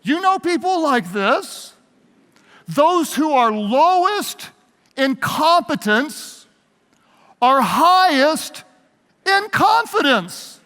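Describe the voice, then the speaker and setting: A man's voice: extremely high pitch, very animated, slow pace, pushed and bright. A man preaching a leadership sermon, leading his audience in call-and-response. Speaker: pastor. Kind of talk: sermon-style leadership talk. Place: large hall with live audience. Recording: long hall reverb.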